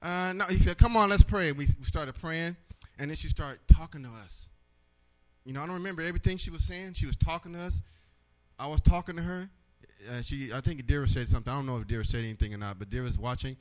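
A man giving a personal testimony in church, telling his story with animated storytelling and acting out the voices. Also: fairly high pitch, fast, rough recording.

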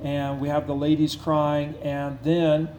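Guy preaching, kinda high voice, earnest, repeats stuff, slows down to hit points, roomy echo. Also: completely flat delivery, darkish tone, a little hiss or hum. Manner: earnest, repetitive preaching with slowed emphasis and rising intensity. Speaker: pastor. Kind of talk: sermon.

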